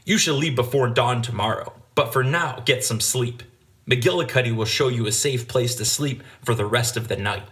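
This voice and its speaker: A man's voice: medium pitch, moderate pace, a bit bright, natural voice. A secretive spy handing out curt instructions, as a man reads him aloud from a storybook. The voice stays guarded and plain, close to the reader's own. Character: secretive male spy in dark clothes.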